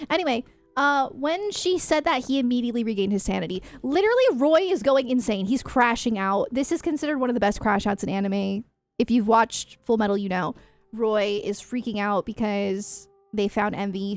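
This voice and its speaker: A woman's voice: medium pitch, no room sound. A young woman streamer chatting casually and gushing as a fan, filling her talk with "like" and "um". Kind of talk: casual livestream chat. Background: faint music.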